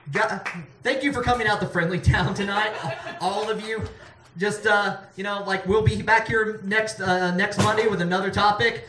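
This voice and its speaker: Comedy host, high male voice, mock-dramatic storytelling, distant echoey room. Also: unhurried, long pauses, background noise. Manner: mock-dramatic, laughing through lines. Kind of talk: comic reading of a silly story.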